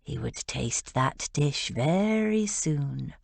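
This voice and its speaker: A woman reads a historical romance audiobook slowly and deliberately. Her pitch rises and falls freely as she narrates, and the sound is close and dry. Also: expressive, creaky, no room sound.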